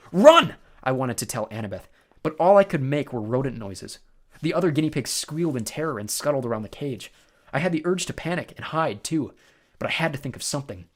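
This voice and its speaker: Animated male storybook narrator. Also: medium pitch. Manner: animated first-person narration.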